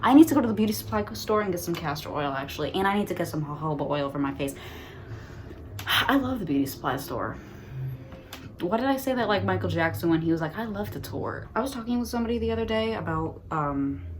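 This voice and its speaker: A woman's voice: fairly low pitch, expressive, brisk, slight background noise. A woman in her twenties, a vlogger talking casually to her phone on a tripod at home, rambling with lots of "like" and sarcastic, profane asides. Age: 20s. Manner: chatty, frequent "like", sarcastic and profane. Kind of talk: casual rambling chat to camera.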